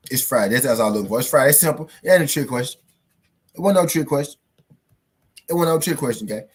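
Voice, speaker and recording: A man hosting a live boxing talk stream, hyping the day with loud slangy, profane banter and chanting along with his chat. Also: mid-range voice, slightly rough. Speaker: host.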